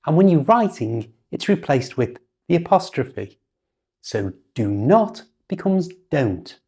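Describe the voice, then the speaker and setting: A woman with a British accent teaching English pronunciation patiently, speaking example sentences slowly and clearly. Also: deep voice, very animated, mellow. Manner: patient, instructive, over-articulated examples.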